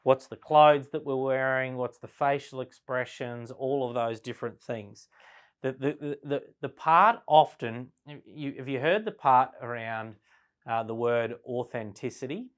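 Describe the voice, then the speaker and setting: A man teaching a business class at a flip chart, talking casually and often checking in with "right?" as he explains. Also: medium pitch. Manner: conversational, frequent "right?" tag questions; slows down and varies volume to demonstrate tone. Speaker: business sales trainer.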